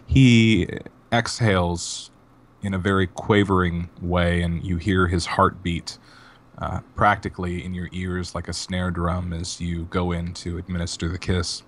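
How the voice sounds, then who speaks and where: A man's voice: sits low, completely flat delivery, moderate pace, a bit bright, a little hiss or hum. A man narrating as game master in a tabletop game, with a descriptive, sensual style.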